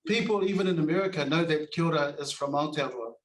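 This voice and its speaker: A man's voice: on the high side, quick pace. A man from New Zealand, with its accent, giving an informal, self-deprecating acceptance speech with many fillers at an awards ceremony. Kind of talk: acceptance speech in Māori and English. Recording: echoey, from far off.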